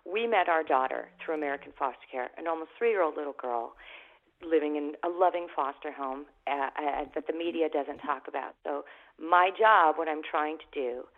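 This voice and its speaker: A middle-aged woman from Canada, a guest actress and author, telling lively anecdotes and acting out the voices in them. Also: low-pitched, moderate pace. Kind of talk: animated storytelling in an interview. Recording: phone-like narrow sound.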